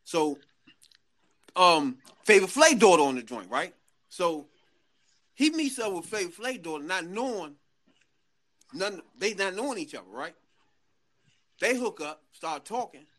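Animated man. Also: sits high, unhurried, pauses often. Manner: animated storytelling with laughter, heavy slang. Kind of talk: casual chat.

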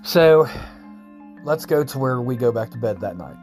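A man telling a true spooky story in casual, rambling speech, often clearing his throat and repeating himself. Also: mid-range voice, lively intonation, normal speed, a little mellow, faint music behind.

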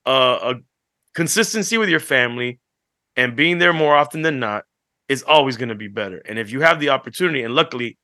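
Bright-voiced man telling animated stories. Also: mid-range voice, no room sound, studio quality. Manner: animated storyteller, acts out quotes, swears freely. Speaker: podcast co-host. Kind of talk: casual chat.

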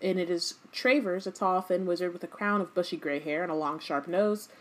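A woman co-hosting a casual book chat, reading passages aloud and joking with quick character voices. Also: fairly low pitch. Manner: animated, jokey, slips into quick character voices. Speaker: podcast co-host reading and discussing a book.

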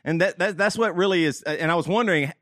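A male podcast host with a high voice, recorded dry and close. He asks rambling, halting questions full of fillers. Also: fairly bright tone, no room sound. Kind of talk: casual interview.

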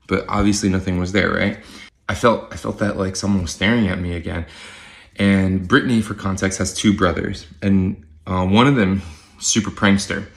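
A man's voice: deep voice, vocal fry. Rambling young man telling a story. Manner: rambling, full of "like" and "um" fillers. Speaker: podcast host. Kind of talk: casual storytelling.

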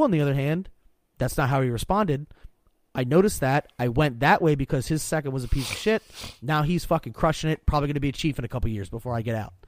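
A man's voice: medium pitch, no room sound. A man in his thirties co-hosting a podcast in casual chat, blunt and profane, often restarting his sentences. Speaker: podcast co-host.

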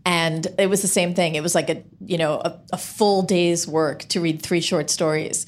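A woman's voice: lowish voice, steady tone, moderate pace. A woman novelist telling a frank story about her writing in a casual onstage conversation. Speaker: novelist on a panel.

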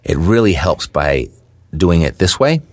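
Deep-voiced man teaching real estate investing. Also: big pitch swings, a little slow, a little mellow. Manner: conversational, checks in with "right?" often, some fillers. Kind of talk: casual teaching talk.

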